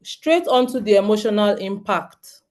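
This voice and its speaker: A woman's voice: medium pitch, animated, normal speed, a little mellow. A Nigerian woman in her thirties giving an earnest, direct talk to homeschooling parents, often turning to the audience with questions. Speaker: homeschooling speaker.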